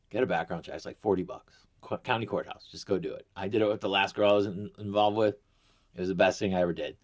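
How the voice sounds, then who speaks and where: A middle-aged man vlogging, telling a comic story in a casual, rambling way that is profane and self-mocking. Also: on the low side.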